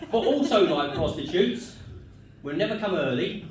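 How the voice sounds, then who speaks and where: A man doing a stand-up comedy set, telling jokes in a deadpan storytelling way and chuckling at his own punchlines. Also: high-pitched, takes it slowly, a little hiss or hum. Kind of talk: stand-up set with crowd work. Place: comedy club stage. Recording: echoey club room, mic far off.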